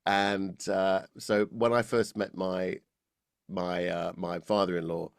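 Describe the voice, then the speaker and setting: A British man, a voice coach, explaining technique in a relaxed interview, often laughing and restarting his sentences. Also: sits low, slow, gravelly, clean tone, no room sound, studio quality. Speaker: voice coach guest.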